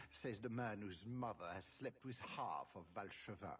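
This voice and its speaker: An actor playing a sly, formal male aristocrat in a video game, speaking in a suave, mocking manner. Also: lowish voice.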